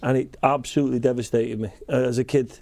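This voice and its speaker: A man's voice: mid-range voice, fairly even intonation, fast talker, gravelly, a little mellow, no room sound. A man captaining a team on a sports quiz podcast, telling stories in a chatty, rambling way. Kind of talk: casual banter and storytelling.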